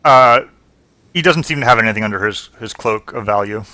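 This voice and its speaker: A man runs a tabletop session as game master, his voice bright and edgy. The recording is dry and close. He halts often, circling back with fillers as he describes the scene. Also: lowish voice, brisk, no room sound. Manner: hesitant, with many fillers and restarts.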